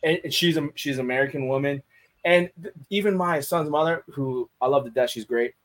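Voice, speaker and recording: In poor-quality audio, a man with a slightly high voice talks fairly quickly on a laid-back podcast. He's candid and swears a lot, restarting his sentences and repeating words mid-thought.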